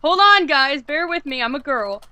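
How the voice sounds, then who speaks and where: A young woman with a high, bright voice talks casually and bluntly as co-host of a fan show. Her voice sits close and dry, with no room sound around it. She shares frank opinions in a relaxed, chatty way. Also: moderate pace, no echo. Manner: candid, blunt opinions with small laughs. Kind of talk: casual chat.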